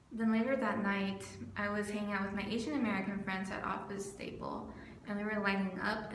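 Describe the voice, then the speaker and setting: A young woman from California, a student narrating her video essay from a script, earnest and steady. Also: mid-range voice. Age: young adult. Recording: roomy with faint background noise.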